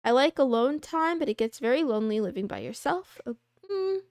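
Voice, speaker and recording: A young woman with a fairly high voice chats casually on her livestream, reading and answering viewer questions. She rambles softly, teases herself, and drifts into little playful noises. Her voice sits close and dry on the mic, with no room around it. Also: lively intonation, a little fast, no echo. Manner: soft, rambling, self-deprecating with giggles and "wah" noises.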